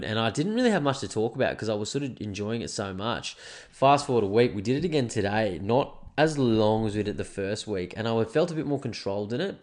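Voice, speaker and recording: A young Australian man with hay fever, hosting a podcast in a rambling, laid-back chat that is full of swearing. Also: lowish voice. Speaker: podcast host. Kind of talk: casual solo podcast chat.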